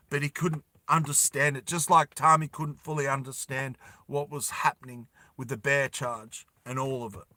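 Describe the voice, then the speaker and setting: Man, storytime narrator, bright clear tone, dry close sound, dramatic and repetitive. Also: a little high, no room sound. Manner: dramatic, repetitive, drops soft for emotion.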